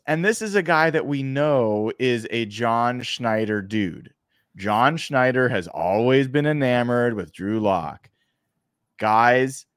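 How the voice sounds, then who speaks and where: A man co-hosting a casual sports podcast, talking in an animated way with frequent restarts. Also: mid-range voice, no room sound, studio quality. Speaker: podcast co-host.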